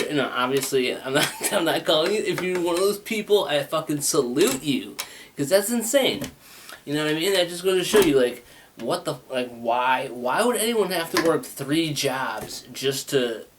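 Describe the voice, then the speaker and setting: A man's voice: medium pitch, noisy background. A man hosting his own talk show, rambling through a loose monologue with swearing, laughs and a slight stutter. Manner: rambling, laid-back, swears and laughs often; says he has a stutter.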